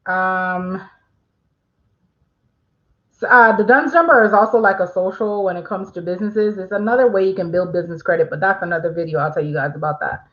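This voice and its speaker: A woman's voice: lowish voice, fairly quick, highs cut off. A woman hosting a casual livestream, chatting with viewers and reading their questions aloud, with frequent fillers. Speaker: livestream host.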